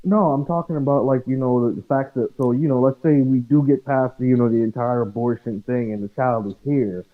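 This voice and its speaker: A man's voice: medium pitch, brisk, few pauses. A man calling in to an advice show, asking provocative questions in a wry manner. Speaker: caller. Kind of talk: call-in advice chat. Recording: tinny phone line.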